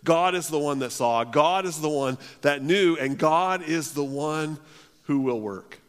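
A man's voice: fairly high pitch, a little slow, fairly bright tone, clean tone. A male pastor preaching a sermon in earnest, often restarting his phrases. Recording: long hall reverb.

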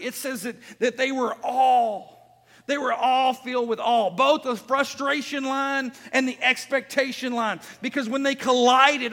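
High-voiced man preaching in reverberant church. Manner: emphatic preaching, repeats phrases, rises to shouts. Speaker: pastor. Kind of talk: sermon. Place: church sanctuary.

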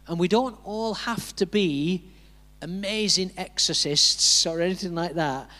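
A man's voice: on the high side, bright, forceful tone. A man preaching a sermon, telling a personal story, acting out the voices he quotes and chuckling along.

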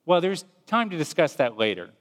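Man voicing a ghost, fussy, flustered, pleading, raised pitch, reverberant. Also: very animated, a little fast. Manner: nervous, apologetic, higher-pitched. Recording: long reverb.

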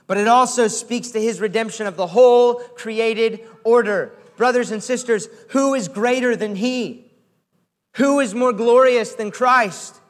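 High-voiced preacher in a reverberant hall. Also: male voice. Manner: earnest, emphatic, repeats key phrases. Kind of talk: sermon.

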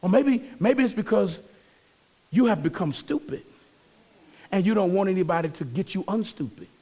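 High-voiced man preaching a lively sermon. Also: normal speed. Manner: preaching with dramatic quoted voices, playful asides. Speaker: pastor.

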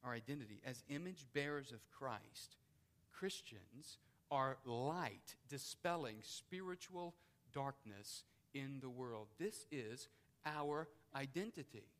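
A man's voice: mid-range voice, expressive, slow pace, fairly bright tone. A man preaching a sermon as pastor, building emphasis and repeating key phrases.

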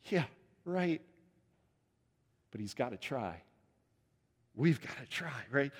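A man preaching a sermon as pastor, conversational and animated, laughing at his own asides. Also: medium pitch, measured pace, pauses often. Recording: long hall reverb.

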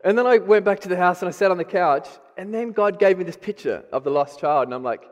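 A man's voice: high voice, quick pace. A middle-aged man with an Australian accent giving a candid, self-deprecating sermon testimony. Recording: long hall reverb.

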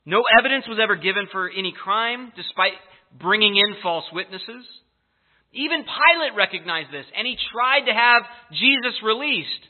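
A man preaching a sermon, telling the story in an animated, emphatic way. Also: sits high, normal speed. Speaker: pastor. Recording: tinny phone-like audio.

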